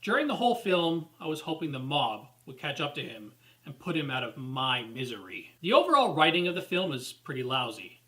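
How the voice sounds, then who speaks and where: A man delivering a scripted movie review, critical and openly sarcastic. His voice is bright and sits a little high for a man. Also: very animated, a little fast, rough recording. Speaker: film reviewer.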